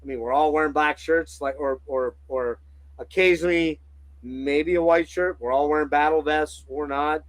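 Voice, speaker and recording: A man hosting a casual podcast chat, telling profane, animated stories and acting out the quotes. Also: on the high side, moderate pace, no room sound, rough recording. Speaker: podcast host.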